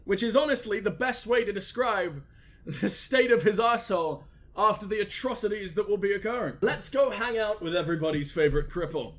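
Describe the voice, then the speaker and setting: A man's voice: sits high, expressive, a little fast, fairly bright tone. A man doing crude, mocking game commentary, swearing constantly and talking back to the characters on screen. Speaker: gaming commentator. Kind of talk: crude comedic gameplay commentary.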